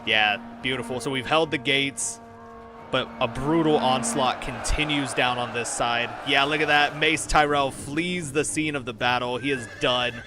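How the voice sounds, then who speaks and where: A man giving excited, casual commentary on a battle while streaming a game. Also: medium pitch, moderate pace, noisy background. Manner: excited, swears, lots of fillers. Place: home room.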